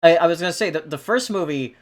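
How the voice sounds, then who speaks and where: A man's voice: on the high side, fast. A man hosting a casual podcast chat, talking hesitantly with many ums and restarts.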